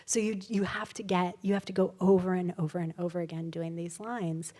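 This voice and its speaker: A woman, an author guest at a live event, telling stories in a casual, animated way with many fillers. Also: fairly low pitch, a little fast, hardly any pauses. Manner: animated, chatty, full of fillers and laughs. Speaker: author guest at a public talk. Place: live event before an audience.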